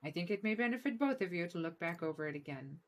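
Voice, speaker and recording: A woman reading the lines of a wise old man in a video game, calm and measured as he gives advice. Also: on the low side, natural voice.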